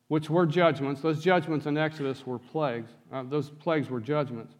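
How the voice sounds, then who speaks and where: A man preaching a sermon, explaining scripture and reading passages aloud to his congregation. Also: on the high side. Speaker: pastor.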